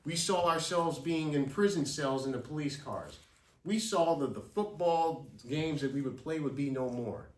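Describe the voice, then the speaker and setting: A man's voice: on the high side, normal speed, darkish tone. A man telling a dramatic story from his childhood as a speech, in vivid, dramatic storytelling. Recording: roomy, from a distance.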